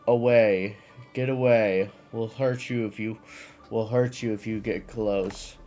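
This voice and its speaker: Frightened parasitic jungle spirits, read by a man in a storybook tale. They speak in broken, threatening fragments, slow and heavy. Their menace comes from fear. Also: on the low side, fairly even intonation, a little mellow, faint music behind.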